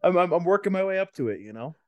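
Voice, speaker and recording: A man's voice: sits high, sing-song, very fast, no echo, muffled recording. A man co-hosting a podcast from home over a remote call, trading friendly jokes and banter in casual chat. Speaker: podcast co-host.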